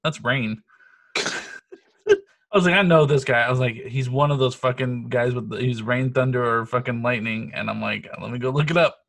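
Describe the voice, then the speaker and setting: A man's voice: medium pitch, steady tone, normal speed, gravelly, a bit bright. A man co-hosting a podcast, chatting casually and profanely about a movie, laughing and telling stories with animation. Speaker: podcast co-host. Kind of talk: casual chat reviewing a movie.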